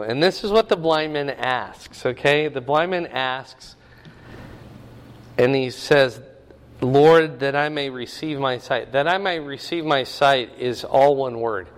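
A man's voice: fairly high pitch, expressive, measured pace, long reverb tail. A man preaching a sermon, teaching the meaning of Greek words with rising emphasis. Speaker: pastor.

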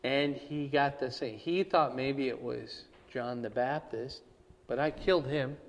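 A man's voice: mid-range voice, a little slow, big-room sound. A man teaching a Bible study in a conversational way, often checking in with his listeners with "right?" and "okay?".

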